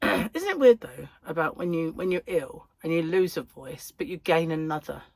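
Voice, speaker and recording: A woman's voice: deep voice, lively intonation, moderate pace, a little mellow, no room sound. A middle-aged woman, chatting casually and rambling as a crochet vlogger, full of giggly asides. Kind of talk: casual chat.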